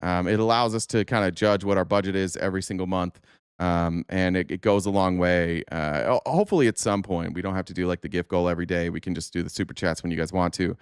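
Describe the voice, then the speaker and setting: Guy on a stream doing the subscriber pitch, lots of uhs, dry close mic. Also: fairly even intonation, clean tone, no room sound. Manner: halting, many fillers. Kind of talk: live-stream housekeeping chat.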